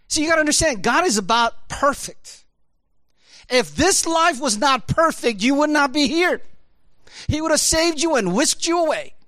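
A man preaching a casual, animated sermon, jumping from loud high emphasis to low quiet asides, with laughs and fillers. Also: normal speed, dry recording.

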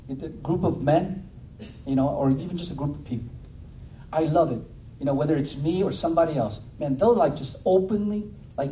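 Mellow-voiced preacher in an echoey hall. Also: male voice, on the high side, a little hiss or hum. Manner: casual, filler-heavy preaching that swells into fervent cries. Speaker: pastor. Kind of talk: sermon. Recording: roomy echo, distant mic.

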